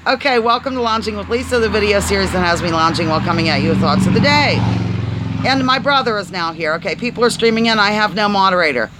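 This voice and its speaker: A woman's voice: medium pitch, expressive, fast talker, very noisy. A woman hosting a casual live stream, chatty and playful, often stumbling over words and asking her viewers to help. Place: on a porch, outdoors.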